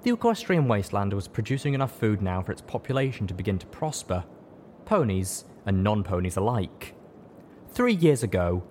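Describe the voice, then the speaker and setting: A man with a low voice reads an audiobook, letting his pitch rise and fall with lively expression. He tells the story steadily, with a faint hiss under the recording. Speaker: narrator. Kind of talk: audiobook reading of fan fiction.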